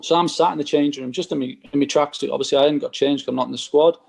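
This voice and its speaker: A former footballer tells casual stories on a podcast. He is an animated storyteller who acts out the exchanges he quotes. His voice sits fairly high for a man. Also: racing, vocal fry, slightly rough. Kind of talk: casual anecdote telling.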